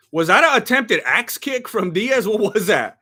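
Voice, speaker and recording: A man with a husky voice that sits high hosts a live fight watch-along. He talks casually and excitably, rambling, restarting himself and breaking into bursts of shouting.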